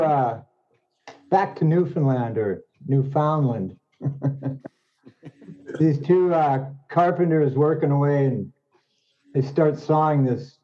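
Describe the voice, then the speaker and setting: A man telling a string of jokes in an unhurried, drawn-out storytelling manner. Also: on the high side. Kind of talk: joke telling. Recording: dull lo-fi audio.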